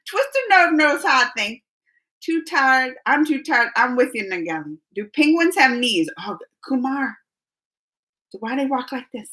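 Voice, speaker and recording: A woman in her forties hosting a live stream, talking to her chat in an animated way and repeating herself as she calls chatters by name. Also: high voice, unhurried, poor audio. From United States. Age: 40s.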